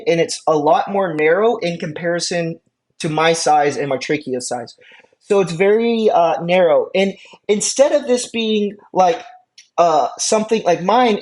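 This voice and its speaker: An instructor lectures an EMT class in a relaxed, conversational way, with a voice of ordinary middle pitch. The delivery wanders into asides and keeps checking in with the listeners, and the speech is full of restarts. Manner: casual, chatty, checks in with listeners.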